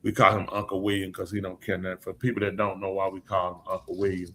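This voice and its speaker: A man with a low, bright and forceful voice, chatting as the host of a live talk show. He is a preacher who spins stories with energy and slips into the voices of the people in them. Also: fast talker, a little hiss or hum. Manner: lively storyteller who acts out quoted voices. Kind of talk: casual storytelling chat.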